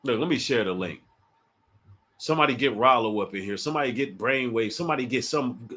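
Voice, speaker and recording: A man's voice: medium pitch, expressive, fairly quick, bright, forceful tone. A man from the Washington, D.C. area hosting a casual livestream, taunting a rival and talking straight to his chat. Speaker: livestream host.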